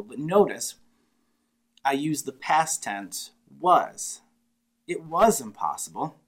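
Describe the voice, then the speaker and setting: A man's voice: fairly high pitch, very animated, unhurried. A man preaching a sermon, retelling a scripture story with vivid, dramatic voices for the people in it. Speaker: pastor.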